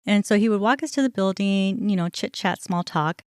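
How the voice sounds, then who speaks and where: A woman's voice: medium pitch, normal speed, no echo, studio quality. A woman podcast host candidly retelling a personal workplace experience, acting out the other people's lines as she goes. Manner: candid, animated retelling with quoted dialogue. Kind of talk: personal storytelling.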